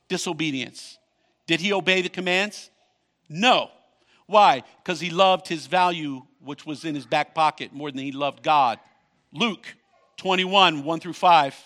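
A male pastor preaching a sermon, reading scripture aloud and breaking in with quick comments of his own. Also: high-pitched, bright, forceful tone. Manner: reads scripture, then comments with quick asides and laughs.

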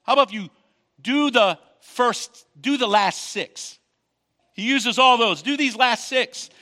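A male pastor preaching a sermon, reading scripture aloud and breaking in with quick comments of his own. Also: extremely high pitch, pushed and bright. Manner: reads scripture, then comments with quick asides and laughs.

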